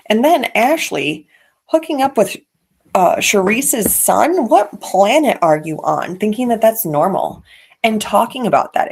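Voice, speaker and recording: A woman's voice: mid-range voice, vocal fry, slightly rough. A woman hosting a podcast, chatting in a casual, opinionated way and dropping petty asides. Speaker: podcast host. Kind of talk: casual reality-TV gossip commentary. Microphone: podcast mic.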